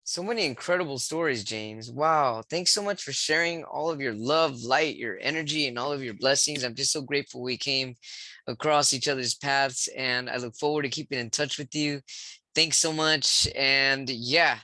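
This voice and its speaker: Bright, gushing podcast host. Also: male voice, mid-range voice, moderate pace, no room sound. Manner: effusive, gushing thanks. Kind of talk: interview.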